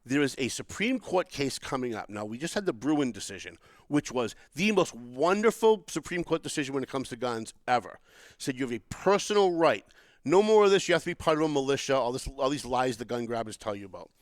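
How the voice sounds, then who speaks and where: A Boston-area man hosts a podcast of casual political chat, telling a long story full of restarts. His medium-pitched voice is very animated and a little fast, with no room sound.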